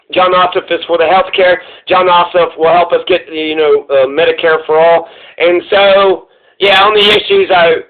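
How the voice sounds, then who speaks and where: Rambling, cursing man commenting on politics. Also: high voice. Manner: rambling, profane, many fillers. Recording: tinny phone-like audio.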